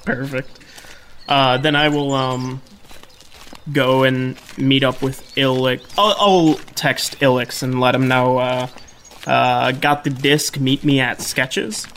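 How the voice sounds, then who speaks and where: A man's voice: mid-range voice, steady tone, slow, a bit bright, slight background noise. A man playing a tabletop role-playing game, joking and casual. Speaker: player.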